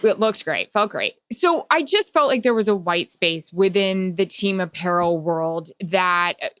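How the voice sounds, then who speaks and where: A woman in her forties co-hosting a podcast, telling stories in casual chat with a slightly nasal, animated delivery. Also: on the low side, measured pace, no room sound, studio quality. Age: 40s. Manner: animated storyteller. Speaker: podcast co-host.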